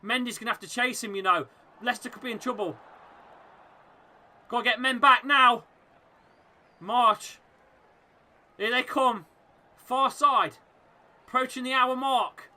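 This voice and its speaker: High, sharp-voiced excitable football fan. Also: male voice, moderate pace, pauses often. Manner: excitable, shouting encouragement at the team; chatty, reacting and laughing at misses. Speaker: football fan watchalong host. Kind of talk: live fan match commentary.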